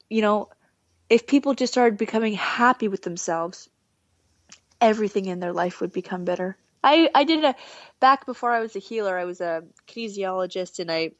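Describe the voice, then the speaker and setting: A woman's voice: a little high, no echo, muffled recording. A woman talking casually as a podcast guest, chatty and full of fillers and restarts. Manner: chatty, lots of "like" and "you know", quick restarts. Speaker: healer, guest.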